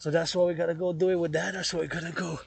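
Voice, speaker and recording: A man's voice: a little high, little pitch movement, rapid-fire, gravelly, darkish tone, husky. A man vlogging outdoors on a forested mountain trail, rambling and repeating words and phrases over and over. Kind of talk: rambling vlog monologue.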